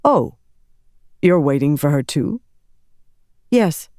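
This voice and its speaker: A woman's voice: deep voice, lively intonation, slow, dark tone, no echo, clean studio sound. A woman voicing a formal, earnest young noblewoman who pleads her case respectfully.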